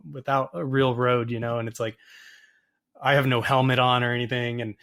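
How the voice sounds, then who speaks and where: Male guest, animated rambling storyteller, average pitch, heard over a video call. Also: a little fast. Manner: animated, rambling, acts out quoted voices. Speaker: photographer and podcast guest. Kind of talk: casual storytelling interview.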